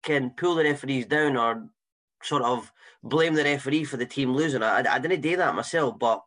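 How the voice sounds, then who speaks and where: A Scottish man on a podcast, retelling match moments in a hesitant, lively way. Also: medium pitch, moderate pace. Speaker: podcast co-host. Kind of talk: casual football chat.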